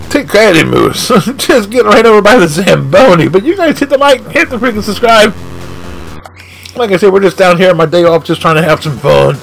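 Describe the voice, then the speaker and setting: A man commentating his own video game play live, excitable and shouting at the action. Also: high-pitched, gravelly. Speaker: gaming channel host.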